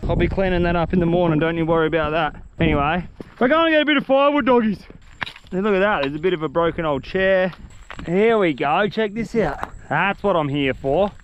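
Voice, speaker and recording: A young man with an Australian accent, vlogging his fishing trip outdoors in the bush, excitable and slangy. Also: sits high, a little fast, dull audio, slight background noise. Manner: excitable, slangy, swears freely. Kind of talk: outdoor vlog talking to camera.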